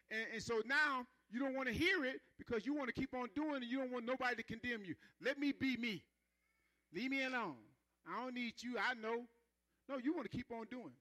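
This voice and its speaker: High, bright-voiced male preacher. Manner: emphatic, drawn-out stresses, calls on the congregation to repeat; swings between loud proclaiming and low soft asides. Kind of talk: sermon.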